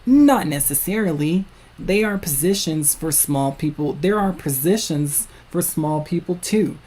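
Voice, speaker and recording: A man doing a high, friendly young boy. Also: animated, a little slow, darkish tone.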